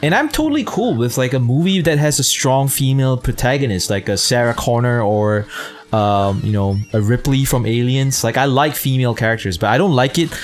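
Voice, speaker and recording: A man's voice: medium pitch, expressive, brisk. A man chatting casually as a streamer, rambling, profane and laid-back, often laughing at his own jokes. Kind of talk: casual chat.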